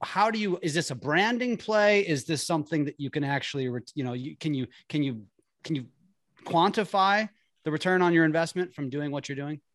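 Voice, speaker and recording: A man hosting an interview, energetic, often restarting his sentences. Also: fairly high pitch, fairly quick, no room sound, studio quality. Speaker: host. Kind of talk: casual interview chat.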